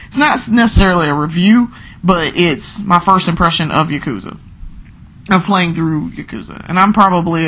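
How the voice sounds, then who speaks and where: A woman talking casually and frankly, chatty and quick to laugh as she gives her take as a podcast host. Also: on the low side, fairly bright tone, low-quality recording. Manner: chatty, frank, often laughing, repeats herself. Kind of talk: casual spoken game commentary.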